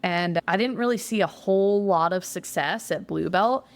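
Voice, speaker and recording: A young woman telling a casual interview story about her competitions, chatty, full of "like", swearing when she gets excited. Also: on the low side, normal speed. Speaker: guest, jiu-jitsu competitor.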